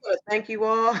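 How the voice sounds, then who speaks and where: A woman's voice: on the high side, fairly bright tone, slightly rough. A woman co-hosting a podcast in casual chat, teasing and playful, laughing often while sick. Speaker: podcast co-host. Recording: slightly dull lo-fi sound.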